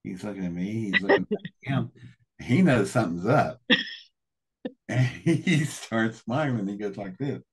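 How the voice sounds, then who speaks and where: A man's voice: fairly low pitch, lively intonation, measured pace, slightly rough. A man as an interview guest telling a colorful, profane story, acting out the other people's voices.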